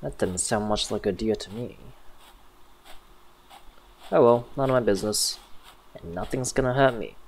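A man's voice: fairly low pitch, moderate pace, pauses often, rough recording. A man giving sarcastic, jokey commentary while playing a horror game. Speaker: gaming youtuber.

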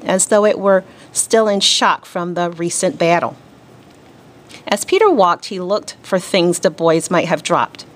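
A woman teacher reading a children's storybook aloud to her class, expressive and deliberate. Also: fairly low pitch.

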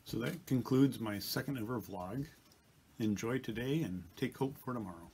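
A man's voice: medium pitch, moderate pace, a little mellow, slight background noise. A man making a casual vlog from a basement back bedroom, talking plainly to the camera into a small tabletop microphone with dry, self-deprecating humor. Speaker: vlogger. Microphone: small tabletop mic on a tripod.

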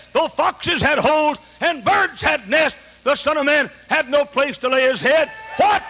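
A male preacher delivers an impassioned sermon with a very high voice. His tone is bright and forceful. He drives his points home with rhetorical questions and frequent shouts. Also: creaky.

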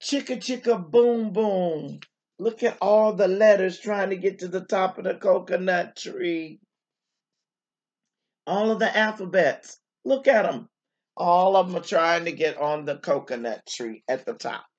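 A woman's voice: lowish voice, measured pace, a little mellow, highs cut off. A woman teacher reading a picture book aloud to young children, stopping often to exclaim and to ask them questions.

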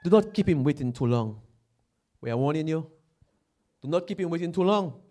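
Guy preaching a sermon, high voice that jumps all over, says stuff twice and gets loud. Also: expressive, brisk. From Dominica. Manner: repeats phrases, builds to loud exclamations.

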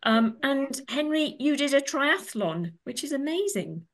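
A woman's voice: sits high, big pitch swings, measured pace. Encouraging woman interview host. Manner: encouraging, with many ums. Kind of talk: hosting a video interview.

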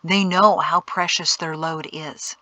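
A woman reading aloud voices a calm, knowledgeable male guide who explains things steadily. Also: a little high, slow pace, no echo, exaggerated voice, low-quality recording.

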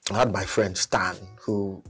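A man, a guest artist, telling a story in casual chat, animated and laughing often as he acts out quotes. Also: fairly low pitch, measured pace, husky, faint music behind. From Nigeria.

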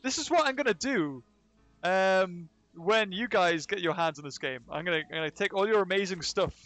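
A man's voice: high-pitched, normal speed, a bit bright, dry recording, faint music behind. A man live-streaming a zoo-building game, chatting casually and answering his viewers' chat as he plays. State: recovering from illness. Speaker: let's play streamer. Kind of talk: casual livestream commentary.

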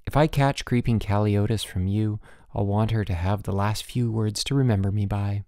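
A man's voice: on the low side, fairly even intonation, normal speed, darkish tone, no echo, studio quality, natural voice. A man doing a mock-grave schoolboy prankster. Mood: earnest.

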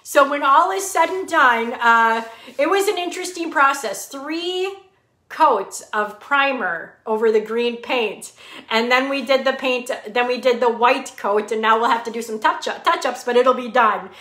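A woman's voice: on the high side, a little slow, pushed and bright. A woman hosting a casual live fitness chat, greeting viewers by name and laughing often. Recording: echoey room.

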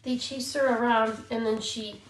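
A woman's voice: fairly high pitch, fairly even intonation, moderate pace. Cooing woman in an echoey room. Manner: cooing baby talk to the dogs. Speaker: dog rescue volunteer. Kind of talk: casual vlog filming puppies. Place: indoor room with dogs. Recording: echoey room, faint background noise.

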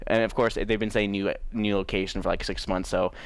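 A man's voice: fairly low pitch, level tone, a little fast, clear, resonant tone, no room sound. Casual male morning show host. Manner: casual, many fillers. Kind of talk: reading local event listings.

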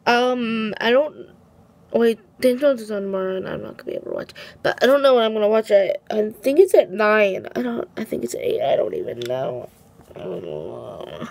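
A woman's voice: a little high, brisk, a little mellow. A teenage girl chatting casually to her vlog camera, tired, rambling and restarting her sentences with giggles. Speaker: vlogger.

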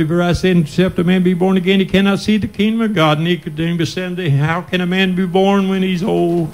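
A man's voice: high-pitched, vocal fry. An older man with a Midwestern American accent preaching a folksy revival sermon in church, breaking into cries of praise. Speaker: pastor. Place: church sanctuary.

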